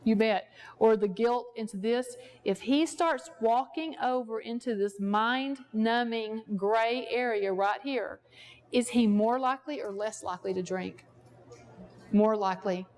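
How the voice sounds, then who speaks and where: A woman's voice: fairly high pitch, unhurried, a little mellow. A woman therapist teaching a workshop, explaining through a client example and putting rhetorical questions to the audience. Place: workshop room at a ranch.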